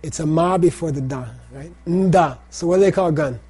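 This is a middle-aged man teaching a class on Tibetan pronunciation and Buddhist texts, speaking fast in a fairly high, mellow voice. He repeats phrases and keeps checking in with the students with "okay?".

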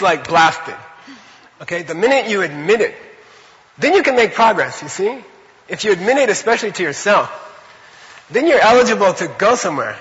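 A man giving an animated, conversational Buddhist teaching to a class, often checking in with his listeners. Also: sits high, long reverb tail, lo-fi sound. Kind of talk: dharma lecture to a class.

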